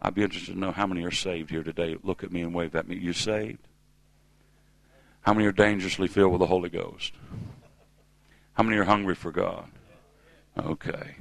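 A man's voice: sits low, level tone, a little fast, gravelly, pauses often, no room sound, low-quality recording. A middle-aged man preaching a sermon in a church service, emphatic and calling on the congregation to respond.

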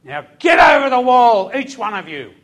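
A man voicing a gruff male drill sergeant who barks orders and sneers at recruits. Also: high-pitched, normal speed, a bit bright. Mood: yelling. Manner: barking orders, sarcastic.

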